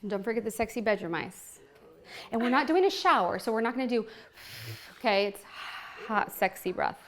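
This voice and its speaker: A woman's voice: on the high side, expressive, a little fast. A woman hosting a home party for a live group and demonstrating products, talking in a playful, cheeky way with frequent asides to the room. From Oregon.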